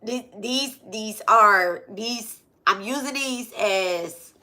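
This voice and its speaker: Woman, casual spiritual teacher, bright voice, keeps checking in with listeners. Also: mid-range voice, slow pace. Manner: repetitive, asks "okay?" and "right?" often.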